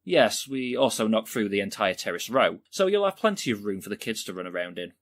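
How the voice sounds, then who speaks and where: A man's voice: on the low side, animated, fairly quick, a bit bright. A man playing an overeager, pushy home makeover TV host, with a theatrical presenter's delivery. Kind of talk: sketch comedy acting.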